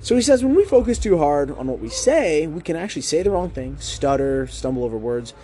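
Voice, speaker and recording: A man's voice: fairly high pitch, sing-song, mellow. A young man hosting a podcast, talking through a book in a casual monologue, shaping his tone up and down on purpose and tossing in rhetorical questions. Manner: deliberate, rising and falling tone to keep listeners hooked; conversational, with filler "like" and rhetorical questions. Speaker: podcast host.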